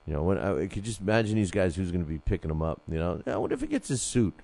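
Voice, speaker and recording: A man's voice: deep voice, sing-song, racing, creaky, darkish tone. A man hosting a boxing show alone, chatting casually, reading listener emails and rambling with many fillers and restarts. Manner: reads listener emails aloud. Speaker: boxing podcast host. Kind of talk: casual solo commentary.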